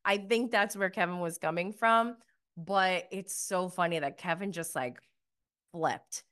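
Woman vlogger recapping a show; slow, bright, emphatic delivery, laughs easily. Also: fairly low pitch. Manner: chatty, emphatic, laughs often, filler "like". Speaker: TV recap reviewer. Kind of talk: casual recap commentary.

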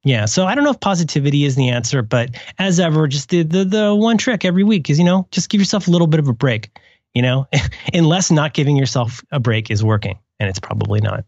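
A man's voice: a little high, expressive, fast, darkish tone, no room sound, lo-fi sound. Wry musing man on a podcast. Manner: musing, self-correcting, wry. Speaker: podcast host. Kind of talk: casual chat.

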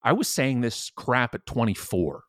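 As a guest on a conversational podcast interview, a professional speaker in his forties talks emphatically and animatedly. His medium-pitched, fairly bright voice swings widely in pitch at a moderate pace, recorded dry with clean studio sound.

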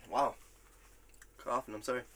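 A man hosts a loose, casual podcast, telling stories in a rambling, profane and animated way. His voice sits at a medium pitch. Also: background noise. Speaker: podcast host.

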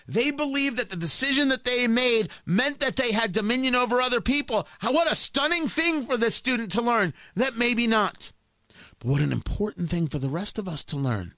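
A man's voice: sits high, bright, forceful tone, no room sound. A man delivering an emphatic opinion monologue as a talk host, often repeating words as he builds a point.

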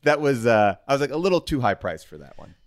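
A man, a comedian guest on a podcast, talking in a wry, animated way. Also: mid-range voice, quick pace, no room sound, clean studio sound. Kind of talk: casual comedy podcast chat.

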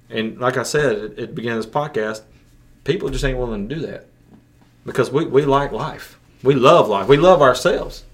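A man's voice: mid-range voice, normal speed, a bit bright. A man hosting a casual sermon podcast for young listeners, folksy and prone to repeating words as he restarts. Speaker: youth pastor podcast host.

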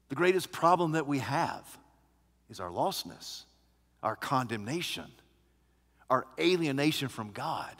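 A man preaching a sermon as pastor, shifting from quiet teaching to loud, emphatic proclamation. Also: medium pitch, in a large hall.

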